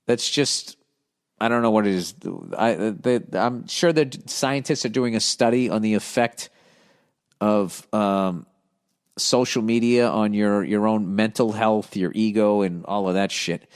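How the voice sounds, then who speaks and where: A man's voice: fairly low pitch, a little slow, clear, resonant tone. A man hosting a podcast, ranting casually in a blunt, profane and sardonic way and rambling as he thinks aloud. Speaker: podcast host. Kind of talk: casual comedic rant.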